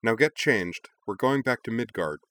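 A man's voice: mid-range voice, expressive, moderate pace, a bit bright, no room sound, voice pushed up, natural voice. A man voicing an impatient, blunt young woman in a storybook reading. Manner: pushy, urgent.

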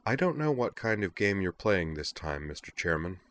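Brief: male reader voicing a calm, defiant student, firm and flat, storybook reading. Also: deep voice, moderate pace. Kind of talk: audiobook reading of fan fiction.

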